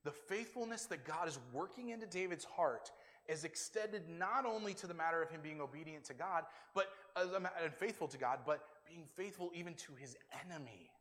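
Pastor, male, conversational sermon delivery, acting out quotes, fairly high voice, long echo of a big hall. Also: normal speed, fairly bright tone. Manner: conversational preaching, acts out quotes.

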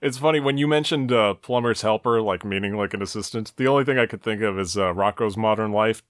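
A man's voice: lowish voice, fast talker, dry recording. A man co-hosting a podcast, walking through a cartoon episode beat by beat with dry, mocking asides. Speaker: podcast co-host. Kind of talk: casual recap of a cartoon episode.

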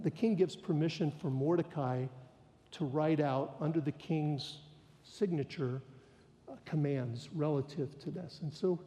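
A man preaching a sermon, retelling a story with lively emphasis and voicing the people in it. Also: on the high side. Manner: storytelling, quoting characters with rising emphasis. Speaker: pastor. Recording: long hall reverb.

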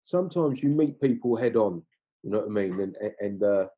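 Rambling middle-aged man, husky and low. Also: lively intonation, fairly quick, dark tone. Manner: rambling, repeats "you know what I mean". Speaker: film crew guest. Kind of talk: casual interview chat.

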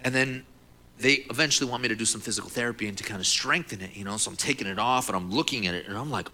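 A man's voice: mid-range voice, very fast. A young man preaching a sermon, leading a prayer and telling a personal story with rising passion. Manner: impassioned, rising to near-shouts for emphasis. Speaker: pastor.

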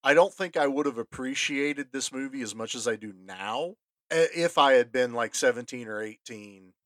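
Co-hosting a casual movie podcast, a man with a medium-pitched, slightly bright voice talks at a moderate pace, eager and enthusiastic but stumbling over frequent restarts as they review films. There's no echo.

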